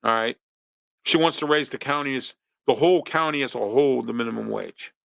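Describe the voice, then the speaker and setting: A man's voice: mid-range voice, brisk, creaky, fairly bright tone, dry recording. A man from hosting a local talk show, ranting his opinions with pointed rhetorical questions. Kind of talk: opinionated monologue.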